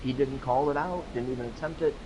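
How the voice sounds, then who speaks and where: A man's voice: medium pitch, fairly even intonation, quick pace, lo-fi sound, background noise. A man chatting offhand about a match as a fellow player. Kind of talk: casual gaming chat.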